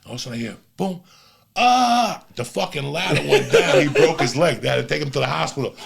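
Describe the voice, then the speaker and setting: A man's voice: medium pitch, quick pace, creaky, crowd noise. A middle-aged man, a comedian, telling profane stories on a podcast and acting out the people in them. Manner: profane, animated storyteller doing voices. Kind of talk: storytelling on a podcast.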